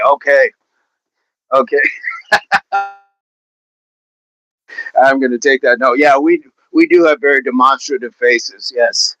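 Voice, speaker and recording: A man's voice: medium pitch, fairly even intonation, slow, pauses often, bright, forceful tone, no room sound, poor audio. A man leading an outdoor workout livestream, joking with viewers and laughing often in casual chat. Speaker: fitness coach leading a live workout.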